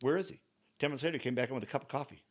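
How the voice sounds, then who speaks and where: An older man hosting a podcast, telling stories in a casual, blunt way and acting out the dialogue with lively switches of voice. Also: medium pitch, very fast, no room sound. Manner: animated, acts out quoted dialogue; blunt, frank wording. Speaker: podcast host. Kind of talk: casual storytelling chat.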